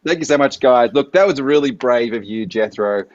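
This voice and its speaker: Lively man hosting a live stream. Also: medium pitch, moderate pace, no echo, highs cut off. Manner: animated, laughing, reads out viewer questions. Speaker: host.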